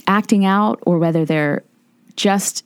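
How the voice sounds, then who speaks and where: A woman's voice: medium pitch, measured pace, smooth, dry recording, clean studio sound. A woman in her fifties, a guest in an interview, telling a personal story earnestly and acting out the voices of people she quotes. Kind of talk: personal testimony in a podcast interview.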